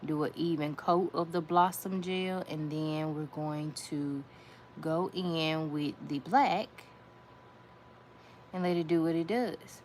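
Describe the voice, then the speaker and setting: A woman walks viewers through a nail art tutorial in a chatty, relaxed way, repeating little phrases as she works. Her voice sits a bit low and she talks slowly. A faint noise hums behind her.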